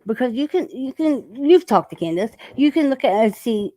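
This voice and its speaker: A woman's voice: fairly high pitch, lively intonation, fairly quick, mellow, dry recording. A woman hosting a casual chat, talking while eating and laughing often. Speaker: channel host.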